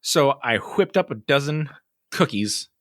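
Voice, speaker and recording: A young adult man co-hosting a podcast, telling stories in a casual, animated way and acting out the voices in them. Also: medium pitch, a little slow, no room sound, studio quality. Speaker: podcast co-host. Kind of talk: casual storytelling chat.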